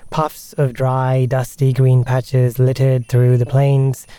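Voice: medium pitch, monotone, slow, dark tone, clear, resonant tone, dry recording. A podcast game master narrating a tabletop adventure in a casual, descriptive way.

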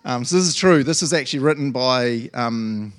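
Casual New man preaching, medium pitch, playful and chatty, throws in loud acted-out lines. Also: animated, normal speed, clear, resonant tone. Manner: playful and chatty, acts out quotes with sudden loud jumps. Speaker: pastor. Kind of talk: casual sermon.

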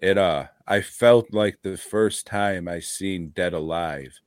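Low-voiced guy swearing his way thru a slow rambly podcast chat, dry close sound. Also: no echo. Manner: profane, rambling, laid-back. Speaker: podcast co-host. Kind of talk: casual chat.

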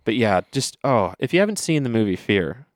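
A man's voice: medium pitch, big pitch swings, brisk, dry recording, clean studio sound. A man co-hosting a podcast, chatting casually about movies in a laid-back, rambling way. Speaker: podcast co-host.

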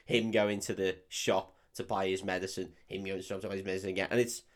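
A man's voice: sits low, level tone, fast talker. Sweary laughing man. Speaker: podcast co-host. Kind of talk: casual film-recap chat.

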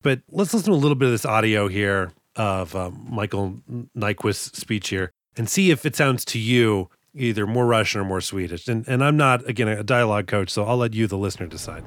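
A man's voice: fairly low pitch, expressive, a little fast, hardly any pauses, no room sound. A man co-hosting a podcast, chatting casually about a movie, laughing often and drifting into asides. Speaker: podcast co-host.

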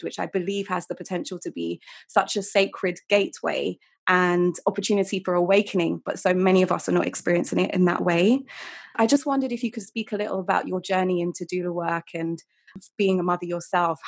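Husky-voiced woman hosting an interview. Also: on the low side, no echo. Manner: reflective, earnest. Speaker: podcast host. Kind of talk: interview conversation.

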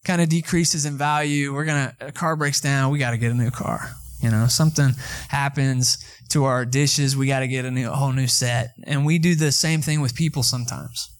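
A male pastor, preaching a conversational sermon and telling a story with lively asides to the congregation. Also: mid-range voice, brisk.

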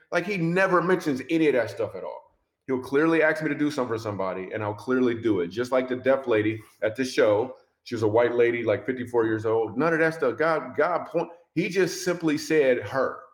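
A man, a comedian, tells a story in an animated way and voices the people in it as he goes. His pitch sits in an ordinary middle range. The recording has a noticeably roomy echo around him. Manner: animated storyteller who acts out quoted dialogue; speaks of faith and following God's voice. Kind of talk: personal storytelling in a conversation.

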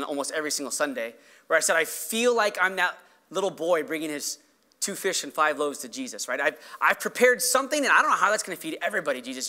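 A man preaching a sermon as pastor, earnest and conversational, often checking in with the congregation with a quick tag question. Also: a little high, pushed and bright.

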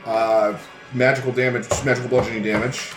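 A man's voice: mid-range voice, little pitch movement, fairly quick, echoey room, over loud music. A man playing a tabletop game, joking, laughing and working out dice sums aloud. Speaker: player.

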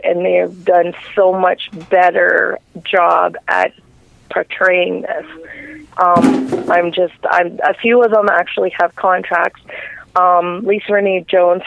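A woman's voice: on the low side, vocal fry, no room sound. A woman calling in to a radio show, talking hesitantly with many fillers. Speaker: caller. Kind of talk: casual phone-in chat. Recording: tinny phone line.

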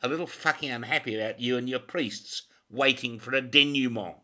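A man's voice: mid-range voice, a little fast, bright, forceful tone, voice pushed up, natural voice. A man voicing a pompous male church president who speaks formally and turns threatening. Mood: sombre.

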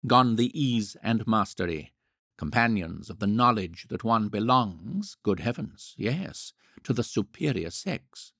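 A man reading a novel aloud in a wry, measured storytelling manner. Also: fairly low pitch, animated, gravelly, fairly bright tone, slightly rough, no echo, studio quality. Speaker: audiobook narrator. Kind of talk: scripted narration.

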